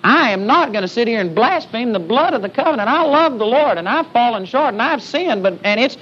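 A man's voice: very high-pitched, expressive, brisk, fairly bright tone. A man preaching a sermon with emphasis, often calling out "amen?" to the congregation. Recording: dull lo-fi sermon recording with faint hiss.

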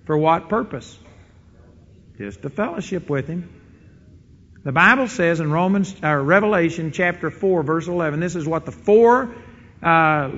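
A man preaching a sermon to a live congregation in a large hall, impassioned and slowing right down when quoting scripture. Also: fairly high pitch, a bit bright. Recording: dull lo-fi sound with long hall reverb.

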